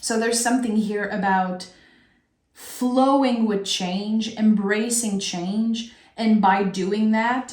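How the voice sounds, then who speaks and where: Slow, earnest woman reading tarot. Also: medium pitch, steady tone, a little mellow. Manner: slow, earnest, heartfelt musing. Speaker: tarot reader. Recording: roomy echo.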